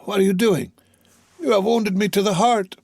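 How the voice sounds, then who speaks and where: A man voicing a gentle, humble old father who speaks softly and modestly. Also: high-pitched, normal speed, creaky, dry recording, clean studio sound, voice pushed up. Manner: gentle, soft-spoken.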